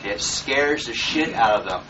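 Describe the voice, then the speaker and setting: A male seminar instructor delivers a live talk with a mid-range, expressive voice that's a little slow, pushed and bright. He's blunt and profane, often checking in with "okay?" and "does that make sense?" It's a distant, dull lo-fi room recording with faint noise.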